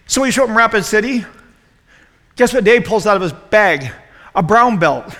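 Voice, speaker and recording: A youth pastor in his forties telling an animated story in a youth sermon, acting out quotes with self-deprecating humor. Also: sits high, normal speed. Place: church youth room. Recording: long hall reverb.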